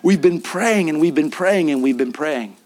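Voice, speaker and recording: A man preaching at a church conference, telling a story in an animated way and acting out what his friends said. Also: fairly high pitch, moderate pace. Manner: animated, acts out friends' lines. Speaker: guest preacher. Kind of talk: storytelling sermon. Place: church in front of a congregation.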